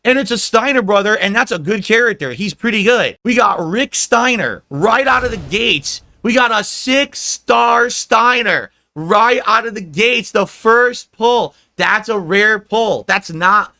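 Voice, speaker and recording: Excitable man streaming, bright and high. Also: measured pace, few pauses, no echo. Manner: excitable, talks to his chat as "you guys". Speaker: video game streamer. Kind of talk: live-stream chatter.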